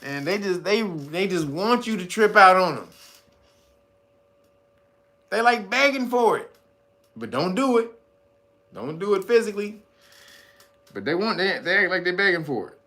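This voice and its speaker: A man hosting a casual livestream, talking straight to his viewers in a profane, animated way, laughing often and reading out chat guesses. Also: high voice, unhurried, pauses often. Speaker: host.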